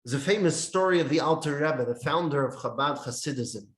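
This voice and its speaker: A man teaching a lesson on Jewish meditation, speaking in short emphatic phrases with pauses and reading from a handout. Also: on the high side. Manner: reads from a text handout. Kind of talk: classroom lesson with storytelling. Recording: roomy echo.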